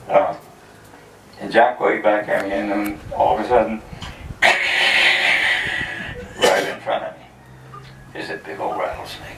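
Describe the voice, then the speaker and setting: A man's voice: lowish voice, vocal fry. A man telling a tall tale to a crowd at a community gathering, folksy and chuckling as he acts out the voices. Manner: folksy, chuckling, animated quotes. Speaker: storyteller at a community program. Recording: echoey, distant mic, faint noise.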